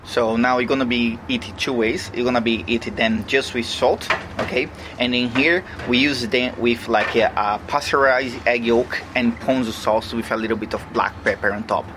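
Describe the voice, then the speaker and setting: Male chef, mid-pitched voice, instructive, recorded on location in a restaurant with loud ambience and traffic. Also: fairly even intonation, moderate pace, few pauses. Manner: instructive, step by step. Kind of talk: explaining a dish.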